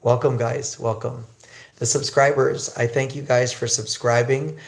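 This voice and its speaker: Male English teacher on a livestream, unhurried pronunciation drills, gravelly voice. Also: mid-range voice, little pitch movement. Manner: slow, drawn-out pronunciation drills; chatty, greets viewers.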